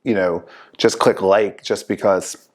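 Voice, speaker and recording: A man hosting a casual talk show, telling lively stories and acting out the people he quotes. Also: low voice, unhurried. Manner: animated storyteller, acts out quoted people. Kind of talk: casual chat.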